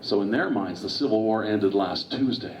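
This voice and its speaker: A man's voice: on the low side, normal speed, slight background noise. A man giving a public history talk as a guest author, storytelling with asides and digressions. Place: meeting hall. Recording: distant, roomy, dull hall recording.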